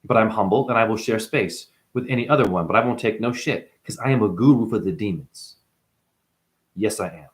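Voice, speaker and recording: A man rambles to the camera in a boastful monologue, casting himself as a spiritual guru. His voice keeps lurching from loud, emphatic bursts down to low, muttered asides. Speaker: self-styled spiritual guru.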